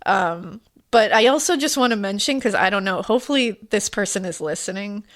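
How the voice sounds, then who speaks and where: A woman's voice: mid-range voice, expressive, a little fast. Woman, podcast co-host; casual, emotional, rambling storyteller, mid-range voice. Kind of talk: casual chat.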